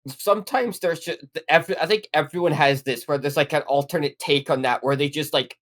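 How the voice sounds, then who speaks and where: Relaxed man chatting on a podcast. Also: fairly high pitch, fairly quick. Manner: relaxed, chatty, asks questions. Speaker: podcast co-host. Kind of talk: casual podcast chat.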